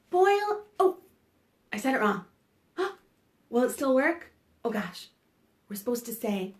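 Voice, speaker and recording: A woman librarian leads a preschool storytime in a high voice. She talks slowly and playfully, with gasps and sing-song rhymes for small children. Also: big pitch swings. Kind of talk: preschool storytime read-aloud and chant.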